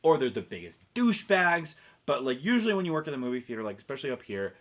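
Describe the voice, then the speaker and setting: A man's voice: medium pitch, very animated, fast talker, fairly bright tone. A young man, a podcast guest, chatting casually in a rambling way with lots of fillers and swearing. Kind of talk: casual chat.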